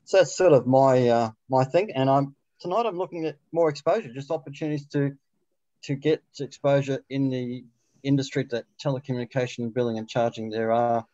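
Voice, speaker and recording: A man's voice: mid-range voice, brisk, dark tone, no room sound, highs cut off. A man introducing his work on a video call, hesitant and full of ums. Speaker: meetup attendee introducing his business. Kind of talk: casual self-introduction.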